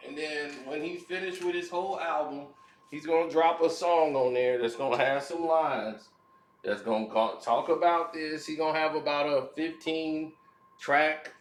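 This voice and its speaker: A man's voice: on the high side, reverberant. A man hosting casual opinion commentary, laughing often and making mocking asides. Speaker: commentary channel host.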